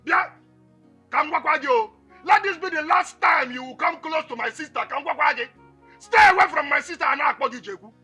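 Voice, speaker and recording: An actor with a Nigerian accent playing a hot-tempered young man who shouts and taunts his rival in a film. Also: extremely high pitch, fairly quick, faint music behind, full character voice. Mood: taunting. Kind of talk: Nollywood film acting.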